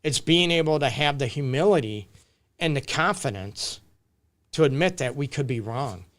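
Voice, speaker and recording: A man's voice: medium pitch, animated, moderate pace, a bit bright. A man counseling on relationships during a casual live-stream Q&A, talking off the cuff and often checking in with "right?" and "you get me?". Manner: loose, with restarts and fillers, speaking off the cuff.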